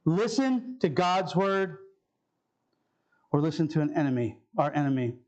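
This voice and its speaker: A man's voice: a little high, sing-song, a little slow, darkish tone, dull audio. A male pastor giving a conversational sermon, often repeating key phrases for emphasis. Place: church sanctuary.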